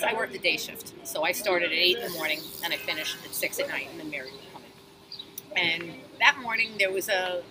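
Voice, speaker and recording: A woman, a bartender and guest telling lively, blunt, profane stories at an outdoor table. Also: lowish voice. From Astoria, Queens, New York. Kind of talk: animated storytelling in casual conversation. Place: outdoors at a street-side table. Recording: street traffic noise outdoors.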